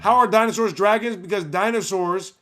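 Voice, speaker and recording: A man's voice: high voice, music in the background. A man hosting a live stream, reading viewer comments aloud with playful asides and frequent laughter. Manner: playful, breaks into laughter, quick asides to chat. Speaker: livestream host.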